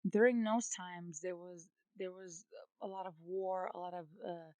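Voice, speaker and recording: A woman co-hosting a podcast talks in a lively, ranting way, swearing as she gets worked up. Her voice is dry and close, with no room sound. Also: on the low side, a little slow, dry recording, low-quality recording. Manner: animated, ranting, swears freely. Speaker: podcast co-host. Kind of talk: casual chat.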